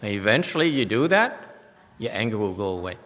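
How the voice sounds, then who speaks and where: A man teaching meditation in an informal talk, speaking haltingly with many restarts and repeated words. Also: lowish voice, very animated, a bit bright. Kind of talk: informal dharma talk with questions. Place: meditation hall. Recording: long hall reverb.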